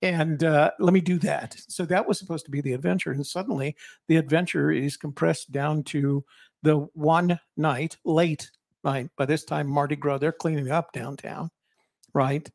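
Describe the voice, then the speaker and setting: An older man talks through a casual chat in a rambling, reflective way, often restarting his sentences. His voice is gravelly and sits a little high for a man. The sound is dry, with no room echo. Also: steady tone, moderate pace. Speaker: co-host and author.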